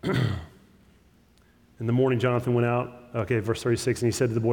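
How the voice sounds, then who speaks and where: Pastor preaching in a reverberant church. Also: male voice, mid-range voice, level tone. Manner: swings between loud emphatic stresses and hushed, slowed words. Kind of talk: sermon. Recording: long hall reverb.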